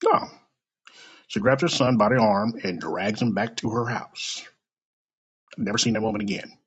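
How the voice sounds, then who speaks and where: A man's voice: fairly low pitch, animated, normal speed, breathy edge, dull audio. A man telling a personal story aloud in a blunt, profane and emotional way.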